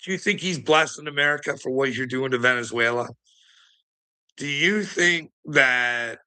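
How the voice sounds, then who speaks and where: This man's mid-range voice is unhurried, pushed and bright, with a clear, resonant tone. He sarcastically mocks his live chat in a swear-heavy livestream rant, frequently bursting out laughing.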